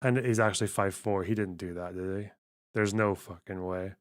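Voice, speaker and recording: A man's voice: sits low, fairly even intonation, normal speed. A man hosting a live stream, reacting to news clips with crude, laughing, sarcastic asides. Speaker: streamer host. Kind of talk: casual live reaction chat.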